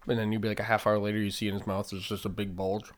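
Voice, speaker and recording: A man co-hosting a casual live show, animated and playfully complaining as he talks. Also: lowish voice, racing. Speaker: co-host. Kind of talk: casual chat.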